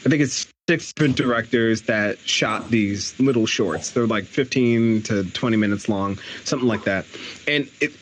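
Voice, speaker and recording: A man's voice: medium pitch, a little hiss or hum, poor audio. A man hosting a podcast in a casual interview, talking enthusiastically with frequent laughter and restarts. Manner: enthusiastic, laughs often, many restarts and "like" fillers. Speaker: podcast host.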